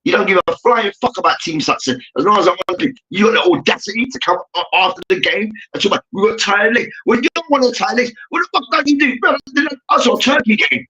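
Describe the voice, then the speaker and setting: Ranting young man, high bright voice. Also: lively intonation, fast, few pauses. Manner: ranting, profane, repeats "hear me now". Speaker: debate show host. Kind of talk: heated sports debate. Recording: dull lo-fi recording.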